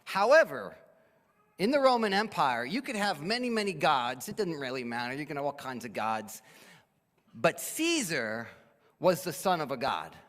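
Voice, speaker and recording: A man's voice: on the high side, normal speed. Male pastor, emphatic sermon delivery, wide swings, echoey church hall. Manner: animated, emphatic, drops to quiet for weight.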